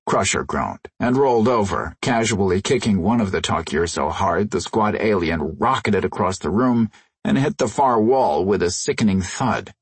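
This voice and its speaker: A man narrating an audiobook in a measured storytelling manner, recorded on a close studio mic. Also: medium pitch, slightly rough, no echo. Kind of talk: scripted narration.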